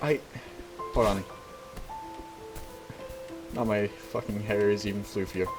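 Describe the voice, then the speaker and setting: A man's voice: on the low side, steady tone, takes it slowly, over music. A man commenting casually on a game as he plays, with blunt, profane reactions. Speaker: game streamer. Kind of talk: let's play commentary.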